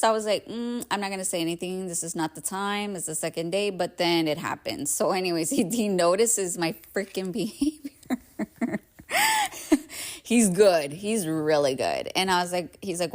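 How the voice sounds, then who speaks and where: Young female podcast host, lowish voice, casual and chatty, acts out the dialogue as she tells the story. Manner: chatty, animated, filler-heavy, acts out quoted dialogue.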